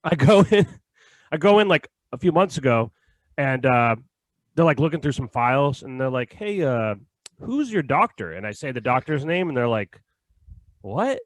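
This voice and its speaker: A young man in casual podcast chat who tells stories with a laugh and acts out the lines of others. His pitch sits in the middle of the range. The room sounds dry and close. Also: lively intonation, normal speed, no room sound. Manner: storytelling, laughs often, acts out quotes. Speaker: podcast co-host.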